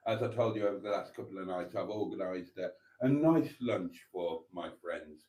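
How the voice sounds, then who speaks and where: A channel host talks to his viewers at a moderate pace in a low, mellow voice. Seated at a table indoors, he rambles on casually, camp and affectionate.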